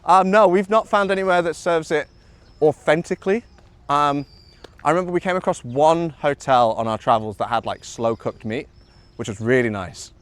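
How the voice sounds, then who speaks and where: A young Liverpool man, an IRL livestreamer, chats casually outdoors in Osaka early in the morning, reading chat aloud, rambling with lots of ums and calling viewers bro and man. His voice is on the high side, clear and resonant, at normal speed with no echo.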